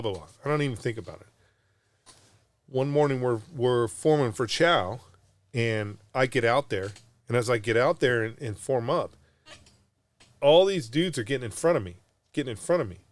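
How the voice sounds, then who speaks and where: A middle-aged Marine veteran from Southern California hosting a podcast, telling a story casually, blunt and profane, with frequent restarts. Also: male voice, medium pitch, moderate pace, no room sound. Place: podcast studio.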